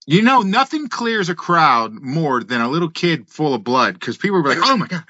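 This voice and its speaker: Fifties man, animated storyteller with a tense, bright voice in a dry booth. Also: a little high, normal speed, no echo. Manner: animated storyteller, acts out voices, laughs, swears. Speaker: podcast guest, wrestler and musician. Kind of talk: casual storytelling. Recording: dull, slightly lo-fi, dry.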